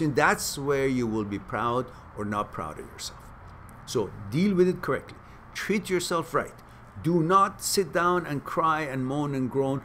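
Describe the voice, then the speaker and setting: A man's voice: fairly high pitch, moderate pace, a little hiss or hum. A man hosting a live-stream Q&A, reading viewer questions aloud and answering them with blunt, swearing advice. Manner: blunt, swearing, animated pep talk; reads out viewer messages, then answers them. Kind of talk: casual advice chat.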